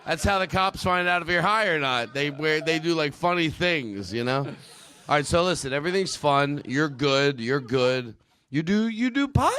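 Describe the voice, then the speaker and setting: A man's voice: a little high, animated, moderate pace, bright, forceful tone, smooth. A man hosting a live comedy podcast on a club stage, riffing, laughing often and crude. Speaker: host.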